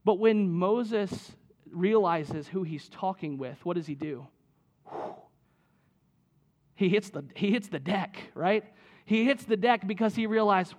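A man's voice: high-pitched, lively intonation, takes it slowly, darkish tone. A man preaching a sermon in a conversational way, often checking in with "right?" as he reads and explains scripture. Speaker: pastor.

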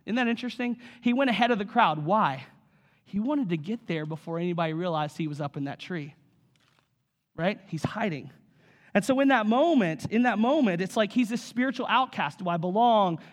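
A man preaching a sermon in a conversational way, asking the room questions and acting out what people might say. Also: sits high. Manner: conversational, acts out voices with quick asides. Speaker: pastor.

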